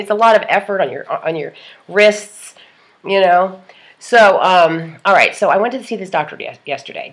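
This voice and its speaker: A woman's voice: medium pitch, fairly bright tone. A woman rambling casually in a personal vlog, chatty and jokey, laughing often between thoughts. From part Lithuanian. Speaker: vlogger.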